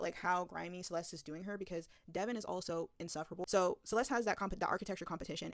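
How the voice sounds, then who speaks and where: A young woman giving a casual, profane movie recap, talking rapidly and scattering "like" everywhere. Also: fairly low pitch, no echo.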